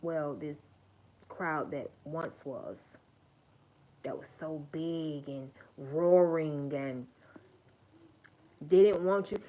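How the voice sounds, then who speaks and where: A woman's voice: low voice, drawn-out words, pauses often, warm tone. A woman hosting a livestream, giving an emphatic, profane and repetitive motivational talk. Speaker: livestream host.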